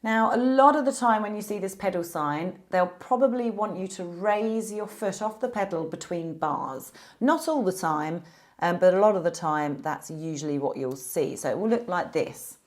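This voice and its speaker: Woman piano teacher, a bit low-voiced, calm and clear, explains symbols one by one. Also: normal speed. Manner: patient, explains clearly with examples. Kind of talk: step-by-step music lesson.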